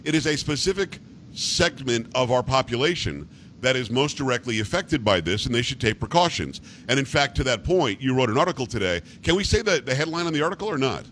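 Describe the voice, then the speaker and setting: A man's voice: medium pitch, big pitch swings, fairly quick, a bit bright, slight background noise. A man hosting a talk show, chatting in a plainspoken, stop-start way. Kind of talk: casual chat.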